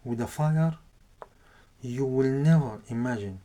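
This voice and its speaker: A man voicing a furious, cruel male tyrant governor who shouts threats and orders. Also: medium pitch, measured pace, lightly acted. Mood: menacing, furious.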